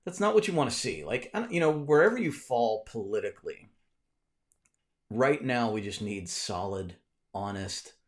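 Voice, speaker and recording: A man, hosting a casual live stream from a cluttered home room, rambling with many restarts while he answers viewer comments. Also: on the low side.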